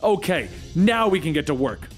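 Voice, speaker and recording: A man's voice: fairly high pitch, expressive, normal speed, faint music behind, lightly acted. A man voicing a blunt, impatient male doctor with a dry, curt delivery.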